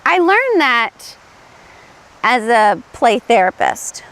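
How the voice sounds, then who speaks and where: A woman's voice: fairly high pitch, sing-song, takes it slowly, a bit bright. A middle-aged woman hosting a lifestyle show, talking earnestly and conversationally to the camera with light laughs. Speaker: TV show host; former play therapist. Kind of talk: casual instructional talk to camera.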